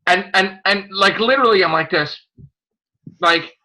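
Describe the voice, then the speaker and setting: A man hosting a casual podcast, ranting excitedly and swearing a lot. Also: sits high, normal speed, low-quality recording. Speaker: show host.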